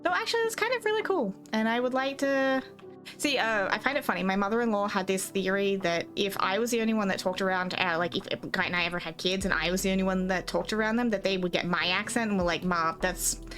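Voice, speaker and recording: A woman's voice: mid-range voice, quick pace, fairly bright tone, soft background music. A woman with an Australian accent, slightly Americanized, chatting casually with her live chat as a streamer, rambling and giggling.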